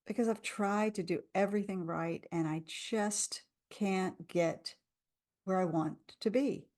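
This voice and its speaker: A woman with a medium-pitched, darkish voice coaches a live tapping session at a measured pace. She speaks soothing affirmations for listeners to repeat after her.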